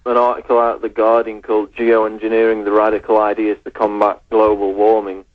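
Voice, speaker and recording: Calm low male guest on a phone line. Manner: measured, reads titles and sources. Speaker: researcher and writer, radio guest. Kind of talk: phone-in radio interview. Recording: muffled phone line on radio.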